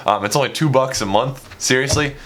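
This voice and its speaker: A man's voice: medium pitch, brisk, a bit bright. Chatty man wrapping up a studio session. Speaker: music producer and channel host. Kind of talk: casual chat to camera at end of a session.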